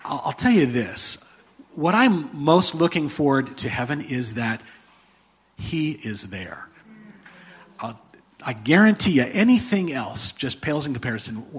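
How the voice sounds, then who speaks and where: A man preaching a sermon in an animated, conversational way, with a husky voice. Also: medium pitch, measured pace. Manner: animated, conversational, with frequent restarts and laughter. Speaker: pastor.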